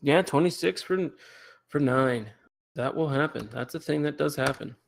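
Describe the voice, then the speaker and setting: Gravelly-voiced man running a tabletop game. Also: a little high, normal speed, background noise. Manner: relaxed, chuckling rulings. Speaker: game master.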